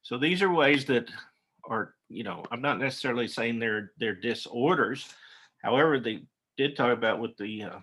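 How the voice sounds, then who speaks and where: Man, drawl, teaching a webinar, bright voice, lots of uhs and restarts. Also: medium pitch, animated, moderate pace, slightly rough. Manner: casual, folksy, with many fillers and restarts. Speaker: instructor. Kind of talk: online lecture.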